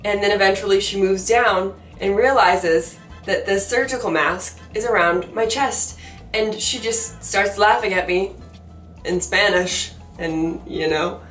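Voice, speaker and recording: A young woman vlogger telling a funny personal story in a chatty, animated way, with many fillers, often laughing at herself. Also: medium pitch. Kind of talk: casual storytelling to camera. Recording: roomy sound from a distance with faint music.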